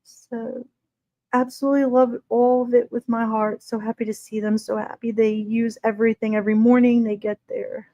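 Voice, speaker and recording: Woman, livestream host, casual chat, emotional, higher voice, dry phone recording. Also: level tone, normal speed, mellow, dry recording, highs cut off. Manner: emotional, reading messages aloud with laughs.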